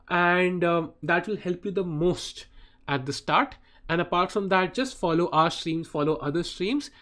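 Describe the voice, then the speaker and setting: A man's voice: high voice, a bit bright. A man commentating live chess on a stream, chatting with viewers and often saying "guys". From India. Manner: chatty, addresses chat viewers by name, often says "guys".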